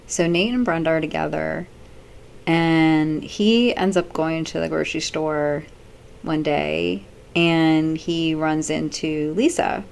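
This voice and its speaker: A woman's voice: deep voice, steady tone, slow, vocal fry, slight background noise. A middle-aged woman vlogging in casual chat, rambling off the cuff with many fillers.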